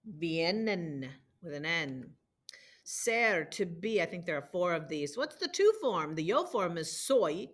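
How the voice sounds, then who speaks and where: A woman's voice: lowish voice, big pitch swings, unhurried. Female teacher recording a screen-share lesson, patient drilling tone. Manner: patient, drilling conjugations aloud. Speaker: Spanish teacher. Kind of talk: recorded homework walkthrough.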